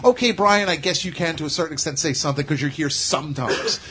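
A man's voice: on the high side, fast, background noise. A man from Staten Island, ranting sarcastically in a casual podcast chat. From Staten Island, New York. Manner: ranting, sarcastic, swears freely.

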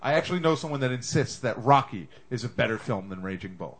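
A man's voice: mid-range voice, lively intonation, fast, a crowd in the background. A jokey, rambling man hosting. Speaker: podcast host. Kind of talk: casual chat.

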